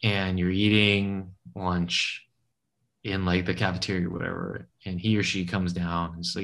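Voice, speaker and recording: A man with a fairly low voice chats casually as a co-host. He tells rambling stories and acts out each quoted voice, with big jumps up in pitch. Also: little pitch movement, normal speed, gravelly, fairly bright tone. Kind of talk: casual chat.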